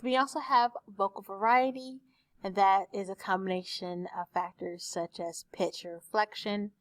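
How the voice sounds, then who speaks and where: A woman's voice: mid-range voice, fairly even intonation, dry recording. Woman teacher lecturing into a desk mic. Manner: explains terms slowly with examples, admits speaking fast. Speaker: speech teacher. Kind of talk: recorded lecture to students. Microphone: desktop USB microphone.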